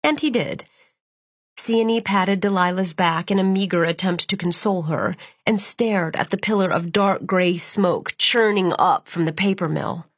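A woman reads a novel aloud at a measured, steady pace, her voice soft and breathy at mid pitch. The recording is close and completely dry, with no echo and nothing heard behind her. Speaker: audiobook narrator. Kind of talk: scripted narration.

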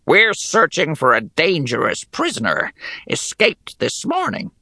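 A man voicing a sneering male goblin soldier leader with a high, grating, rasping voice that barks and mocks. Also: huge pitch swings, unhurried, pushed and bright, dry recording, clean studio sound, heavily acted. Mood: sneering, barking. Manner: barking, mocking. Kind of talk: audiobook character voice.

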